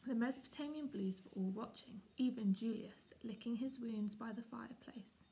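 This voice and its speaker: A woman teacher reads a children's novel aloud for home learning, steady and expressive. Her voice is gravelly and sits a little high. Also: normal speed. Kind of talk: storybook read-aloud.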